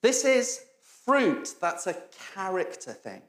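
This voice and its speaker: A man preaching in an echoey church hall. His voice sits a little high and swings widely as he tells funny stories and acts out the people in them. He laughs often along the way. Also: wildly swooping pitch, slow pace. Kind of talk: sermon with humorous stories.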